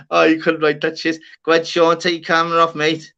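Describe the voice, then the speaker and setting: A man's voice: on the high side, level tone, normal speed, a bit bright, dull audio. A man hosting a casual video-call panel, enthusiastic, swearing and repeating himself. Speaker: host. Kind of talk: casual livestream chat.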